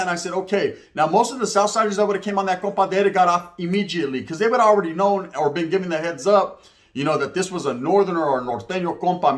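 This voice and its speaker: A man telling prison stories in a casual, animated, slang-heavy way. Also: high voice. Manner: slangy, animated, rapid-fire. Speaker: storyteller recounting prison life. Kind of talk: casual storytelling.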